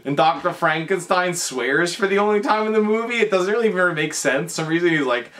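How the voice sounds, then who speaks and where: A man's voice: fairly high pitch, animated, brisk, hardly any pauses, a bit bright. A tipsy man rambling through a comedic drunken retelling of a movie, heavy on fillers and swearing. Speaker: drunk storyteller.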